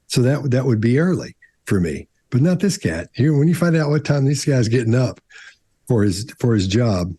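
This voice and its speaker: A man's voice: medium pitch, lively intonation, a little fast, mellow, breathy edge, no room sound. A middle-aged man on a panel, explaining body language in a rambling way, often restarting and acting out quotes. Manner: rambling, self-correcting explanations with acted-out quotes. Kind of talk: casual panel analysis.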